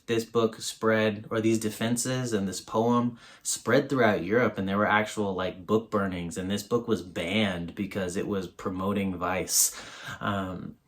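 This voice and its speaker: A man's voice: fairly low pitch, fairly bright tone. A man giving a casual, rambling book review on his video channel, full of fillers.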